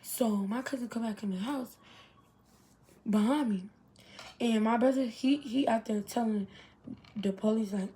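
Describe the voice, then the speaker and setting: A young adult woman telling a storytime to her viewers in an animated, chatty way. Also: a little high, normal speed, slightly rough. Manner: animated, chatty, heavy use of 'literally' and 'y'all'. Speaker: vlogger. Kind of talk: casual storytime.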